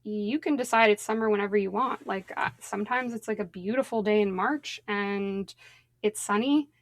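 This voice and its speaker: A woman journalist speaking as a podcast guest, thoughtful and conversational, often pausing on "um" and "like". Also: mid-range voice, dry recording. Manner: thoughtful, with frequent "um" and "like". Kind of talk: conversational interview.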